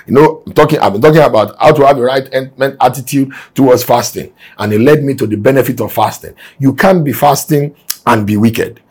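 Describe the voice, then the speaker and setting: A man's voice: mid-range voice, brisk, husky. A man preaching a sermon to remote listeners, reading scripture aloud and explaining it, with emphatic exhortation. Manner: emphatic, rising to forceful exhortation. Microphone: broadcast to remote listeners.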